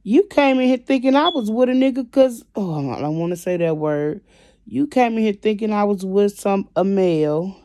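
A woman vlogger venting to her viewers, emotional and swinging between quiet and loud, constantly addressing them directly. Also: mid-range voice, expressive, normal speed, no echo, studio quality. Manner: emotional, repeats "y'all" constantly. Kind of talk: venting to camera.

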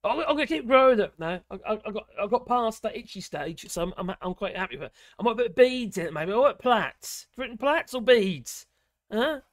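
A man's voice: high-pitched, expressive, a little fast, dry recording, studio quality. A middle-aged man with a giggly, self-mocking manner, chatting casually as host of a live stream. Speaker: livestream host.

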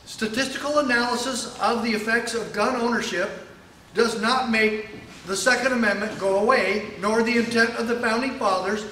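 A man giving an emphatic political speech to an audience at an event, pausing for rhetorical questions. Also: very high-pitched, pushed and bright, far from the mic, a little hiss or hum. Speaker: speaker at a sheriffs' event. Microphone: microphone, sometimes stepping away. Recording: echoey hall.

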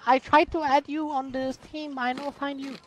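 A man in online game voice chat, speaking excitable broken English. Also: very high voice, moderate pace, slight background noise.

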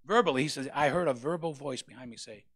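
A male pastor preaching a sermon, with passionate rises to loud peaks. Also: medium pitch, fast talker, husky, no echo, clean studio sound.

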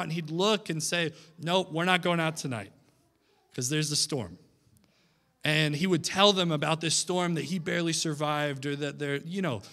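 A man's voice: on the high side, pushed and bright. A young man preaching a sermon in a church, in a conversational style with frequent "right?" asides. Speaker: pastor. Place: church sanctuary. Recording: long church hall reverb.

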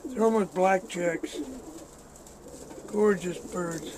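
A man's voice: high-pitched, fairly even intonation, a little slow, long pauses. A man giving a casual, easygoing vlog tour of his pigeon loft, chatting to the camera and coaxing his birds. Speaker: pigeon breeder vlogger. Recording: noisy loft with birds cooing.

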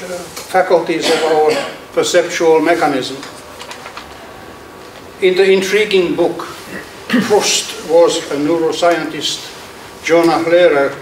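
An older man, an architect, reading a prepared lecture aloud in a slow, measured way with occasional restarts. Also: a little high. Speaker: architect giving a symposium lecture. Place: lecture hall. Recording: echoey hall, speaker far from mic, faint hiss.

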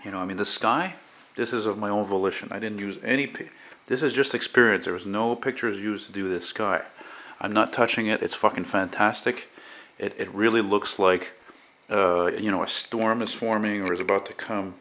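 A man's voice: fairly low pitch, normal speed. A man casually rambling and swearing as he shows his painting in a home vlog. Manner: rambling, profane, relaxed. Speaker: artist vlogger. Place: at home beside a window.

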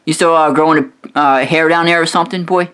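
A man on a profane, aggressive rant, voice sitting a little high for a man. He swears constantly and trips over his own words, repeating the start of a phrase several times before pushing on. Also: fairly even intonation, a little fast, fairly bright tone, smooth. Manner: aggressive, swearing, repetitive stammering restarts. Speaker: video host roasting another creator.

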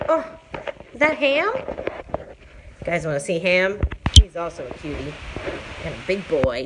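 A woman giving a live tour of an animal shelter as its manager, explaining each cat plainly and then cooing at them in a high sing-song voice. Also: very animated, unhurried, long pauses, noisy background.

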